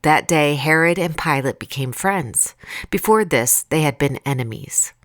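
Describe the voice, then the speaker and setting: A woman reading scripture aloud in a calm, deliberate, expressive way. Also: low voice, no room sound, clean studio sound. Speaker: Bible reader.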